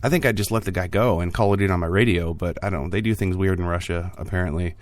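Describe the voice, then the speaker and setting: A man with a deep, low voice hosts a laid-back news podcast. He reads each story loosely, breaking off for sarcastic asides and plenty of ums and uhs. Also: quick pace. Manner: jokey, offhand asides with frequent fillers. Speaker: podcast host. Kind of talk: casual tech news podcast.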